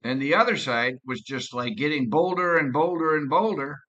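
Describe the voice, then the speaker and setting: Bright-voiced man vlogging, rambling. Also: on the high side, highs cut off. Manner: rambling, halting, with frequent restarts. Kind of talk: casual personal monologue.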